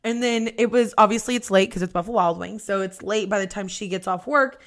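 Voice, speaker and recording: A woman's voice: medium pitch, a little fast. A young woman hosting a podcast, telling a personal story in a candid, casual chat, swearing freely and laughing often. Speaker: podcast host.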